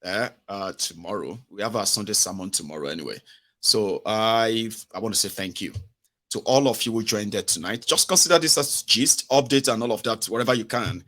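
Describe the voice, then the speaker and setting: Fairly quick and on the low side, with a fairly bright tone, the Nigerian-accented host mocks politicians on his live-stream. He acts out the voices he quotes and mixes pidgin into his commentary.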